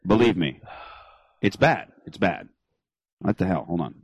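Male comedy podcast host, loud riffing banter, lively pitch, dry close sound. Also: creaky, husky, no room sound, lo-fi sound. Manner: loud, joking, quick back-and-forth.

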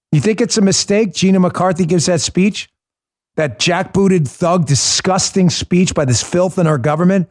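A middle-aged man doing political commentary as a podcast host, his voice sitting a little high for a man. He hammers away with sarcasm and repeated rhetorical questions. The sound is close and dry, with no room around it. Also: a little mellow, no room sound.

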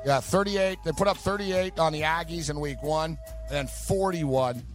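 A man's voice: a little high, faint music behind. Bantering male sports betting host. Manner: joking, quick banter. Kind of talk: casual sports betting chat.

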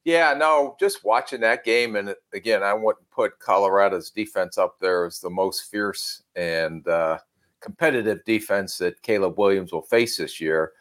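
A man's voice: lowish voice, unhurried, a bit bright. A middle-aged man co-hosting a football podcast, easygoing and self-deprecating as he breaks down a player. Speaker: podcast co-host, football analyst. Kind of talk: casual podcast chat.

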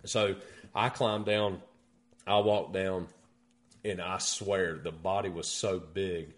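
An American man casually telling a hunting story with animated, profane delivery. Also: low voice, takes it slowly. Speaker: guest hunter.

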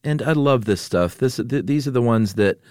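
A man's voice: medium pitch, animated, moderate pace, darkish tone, dry recording, clean studio sound. A man co-hosting a podcast in casual chat, easygoing and loose, often laughing. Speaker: podcast co-host.

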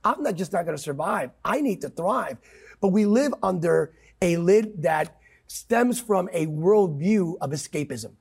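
A man's voice: lively intonation, unhurried, creaky, a little mellow, husky. A man preaching with passion in a talk-show conversation, emphatic and quoting scripture. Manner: emphatic, quotes scripture, swings pitch widely. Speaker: pastor guest.

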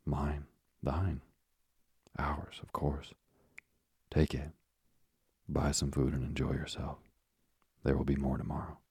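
A man's voice: very deep voice, level tone, takes it slowly, pauses often, a little mellow, slightly rough, no echo, studio quality, heavily acted. A man voicing an earnest young sailor speaking to his father in an audiobook, urgent and eager.

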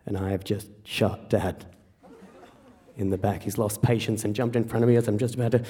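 A man's voice: lowish voice, fairly quick, a faint crowd. Wry man telling a story in a hall. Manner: wry, animated, acts out quoted voices. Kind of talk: live storytelling on stage. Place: theater stage before an audience. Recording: reverberant hall.

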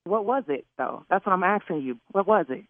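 A woman on a phone call, talking in a loud, outraged, swearing way. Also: on the low side, lively intonation, brisk, no echo. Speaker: caller, prank target. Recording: tinny dry phone line.

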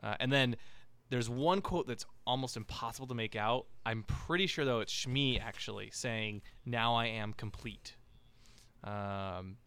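A man's voice: medium pitch, a little slow, fairly bright tone, clean tone. A man hosting a casual podcast discussion, talking in a rambling way with many fillers and restarts. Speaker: podcast host.

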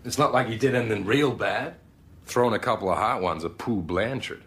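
A man's voice: fairly low pitch, a little fast, fairly bright tone, natural voice. An actor playing a street-smart male detective who talks a suspect round in a casual, coaxing, profane way.

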